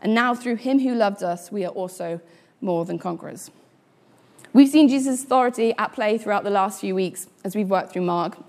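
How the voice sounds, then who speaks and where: A woman's voice: mid-range voice, moderate pace, a little mellow. Woman in her late 20s preaching, chatty storytelling, um's and little laughs. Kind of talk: sermon.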